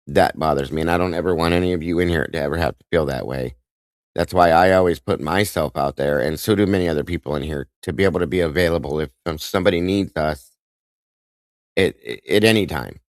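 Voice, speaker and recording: A man hosting a live stream, speaking in an emotional, halting way with many restarts and greeting viewers by name. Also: extremely low pitch, no echo. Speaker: livestream host.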